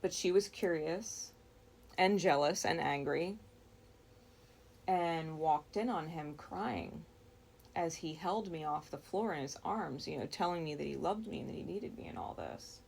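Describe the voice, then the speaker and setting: Low, gravelly woman for a dream-story read: unhurried, reflective, halting. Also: darkish tone, slight background noise. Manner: slow, reflective, with frequent pauses and restarts. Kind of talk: recounting a dream.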